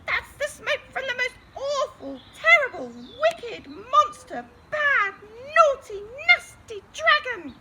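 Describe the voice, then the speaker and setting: A woman voicing an excitable, dotty old male wizard in a squeaky, shrieking voice for a storybook reading. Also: slow pace, few pauses, very noisy, heavily acted. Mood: alarmed.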